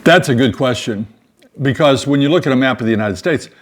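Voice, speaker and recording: A man's voice: mid-range voice, brisk, slight background noise. An older man co-hosting a casual chat, dry and joking, teasing his wife. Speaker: co-host.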